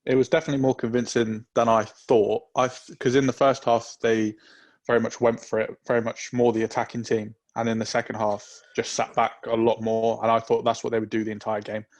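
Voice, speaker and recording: Relaxed man talking football. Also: mid-range voice. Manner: relaxed, opinionated, drawn-out reasoning. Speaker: podcast co-host. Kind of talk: casual football chat.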